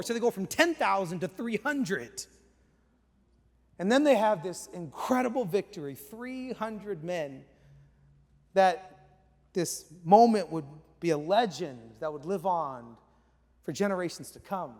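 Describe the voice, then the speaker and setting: A high-pitched male pastor in his thirties tells a story from the pulpit with lively energy, now and then dropping his voice to a hush. His sermon rings out with a long reverb, as if in a large church hall. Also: a little slow.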